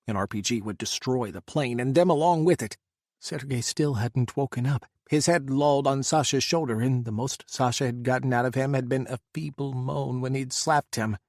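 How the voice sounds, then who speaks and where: A man reading an audiobook aloud in a steady, measured narration. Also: mid-range voice, no echo, studio quality. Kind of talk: scripted narration.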